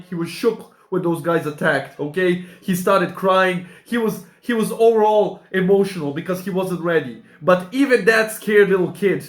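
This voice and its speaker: High-voiced, emotional reaction host. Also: male voice, echoey room. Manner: emotional and exclamatory, keeps saying "man". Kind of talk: casual reaction commentary.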